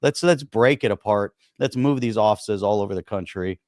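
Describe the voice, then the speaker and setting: A man with a lowish voice co-hosts a podcast, speaking loosely and emphatically. He leans on fillers and restarts as he makes his points. His voice is recorded dry and close, with little room sound. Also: normal speed, darkish tone, no echo. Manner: rambling, emphatic, frequent "you know" fillers. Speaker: podcast co-host. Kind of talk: casual political chat.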